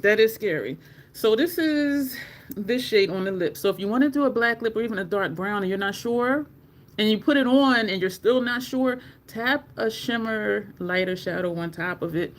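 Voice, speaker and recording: A woman vlogger chatting casually while doing her makeup, telling a story in an animated way, swearing often and jumping to high squeaks when she quotes herself. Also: moderate pace, a little hiss or hum. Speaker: beauty vlogger.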